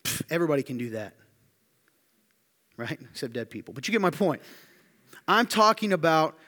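In a church hall with long, ringing reverb, a male pastor delivers his sermon at a moderate pace in a slightly high, sing-song voice. He repeats phrases and keeps asking the congregation short rhetorical questions, growing emphatic until he reaches a loud, high-pitched intensity.

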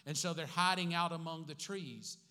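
A pastor preaching a sermon to his congregation, dropping joking asides between slow, emphatic, repeated points. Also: on the high side, bright, forceful tone. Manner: slow emphatic repetition of key phrases. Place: church sanctuary with congregation. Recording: long reverb from a large church hall.

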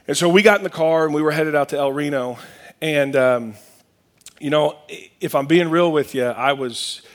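A man's voice: fairly high pitch, normal speed. A man, a pastor giving a conversational sermon and reading scripture aloud.

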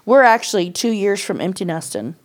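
A woman's voice: medium pitch, expressive, a little fast. A middle-aged woman as a podcast guest, telling her personal testimony in a candid, casual way, laughing often and acting out what people said. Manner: candid storyteller, laughs often, acts out quoted lines.

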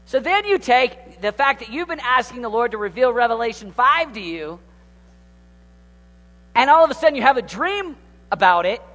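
Animated preacher in a reverberant hall. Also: male voice, extremely high pitch, moderate pace. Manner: animated, rambling, jumps from hushed to exclaiming. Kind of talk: informal sermon.

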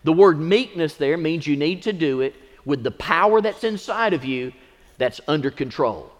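High-voiced preacher man in a reverberant hall. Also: lively intonation. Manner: builds from conversational storytelling to shouted, drawn-out exhortation. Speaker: pastor. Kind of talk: sermon.

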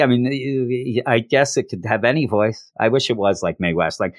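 A man's voice: medium pitch, moderate pace, no room sound, studio quality. A man hosting a solo comics review podcast, talking in a sarcastic, rambling, jokey way.

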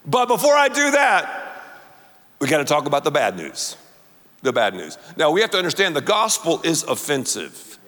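A man preaching with lively, animated delivery and a somewhat high voice. He draws the congregation into call-and-response. His words ring out with a long hall reverb behind them. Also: normal speed. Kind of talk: sermon.

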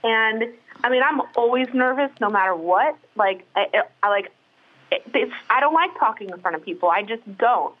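A woman's voice: fairly high pitch, lively intonation, normal speed, phone-quality sound. A middle-aged woman, a guest on a podcast, talking candidly in a casual chat with plenty of fillers and restarts. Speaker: interview guest, brow artist.

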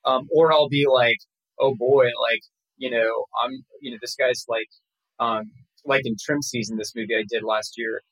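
A man talking casually as an actor guest in an interview, rambling and relaxed with many fillers and restarts. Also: mid-range voice, normal speed, slightly rough, no room sound, low-quality recording.

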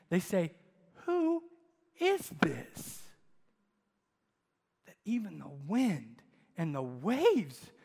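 A man preaching a sermon as pastor, telling stories with dramatic swings in loudness. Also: sits high. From United States. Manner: animated storytelling, dramatic shifts in loudness. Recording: long hall reverb.

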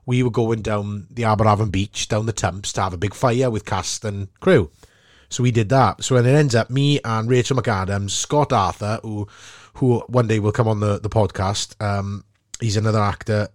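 A Welsh man hosting a podcast, telling an animated story and laughing easily. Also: on the low side, normal speed, no room sound, clean studio sound. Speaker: podcast host, actor. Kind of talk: casual chat, storytelling.

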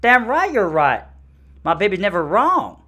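A man voicing an eager, loud redneck husband with a doting drawl, far higher than his own voice. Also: very animated, measured pace, full character voice.

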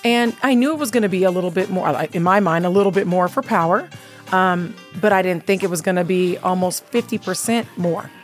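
A woman's voice: on the low side, fairly quick, faint music behind. A woman hosting a casual radio talk show, upbeat and chatty, laughing often, her voice a little worn. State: slightly lost voice.

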